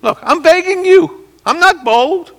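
A man's voice: extremely high pitch, lively intonation, unhurried, gravelly, fairly bright tone, voice pushed up, full character voice. A man acting out an earnest pleading apostle. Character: pleading middle-aged male apostle, earnest.

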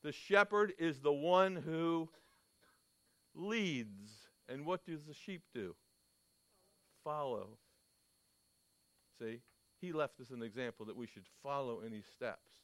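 A man delivers a sermon in an emphatic, storytelling way, often asking his listeners questions. His voice sits a little high. The sound is dry and close, with no room echo. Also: expressive, slow pace, pauses often, a bit bright. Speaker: preacher.

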